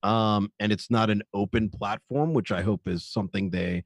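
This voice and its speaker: A man's voice: on the low side, steady tone, moderate pace, no echo. A man talking in a casual panel chat, hesitant with many fillers and restarts. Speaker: streamer panelist.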